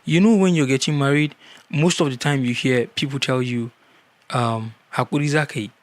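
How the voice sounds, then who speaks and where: A man's voice: mid-range voice, fairly even intonation, moderate pace. A man giving earnest marriage advice in a casual vlog, repeating key words for emphasis.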